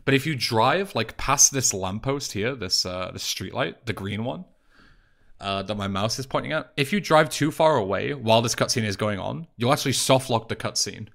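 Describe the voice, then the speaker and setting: A young man with an English accent, talking through a speedrun tutorial voice-over in a relaxed, chatty way, with plenty of fillers and restarts. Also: mid-range voice, moderate pace, vocal fry. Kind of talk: casual game tutorial voice-over.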